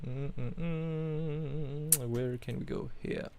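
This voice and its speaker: Gravelly French-accented man thinking aloud. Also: on the high side, steady tone, extremely slow, noisy background. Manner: thinking aloud, hums while working. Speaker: host. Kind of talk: live chart analysis.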